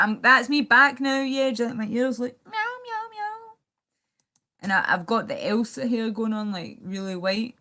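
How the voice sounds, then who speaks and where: A woman's voice: medium pitch, sharp tone. A Scottish woman rambling and swearing on a live stream, chatting directly to her viewers. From Scotland.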